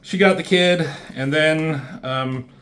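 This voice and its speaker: A man's voice: a little high, slow, fairly bright tone. A man casually talking through comic book pages, rambling and swearing, with lots of fillers and restarts.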